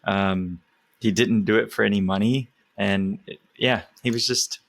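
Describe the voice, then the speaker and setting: A man's voice: fairly low pitch, fairly even intonation, unhurried, creaky. A man co-hosting a podcast interview, telling a long story in a rambling way and often correcting himself. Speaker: podcast co-host. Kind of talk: casual interview chat.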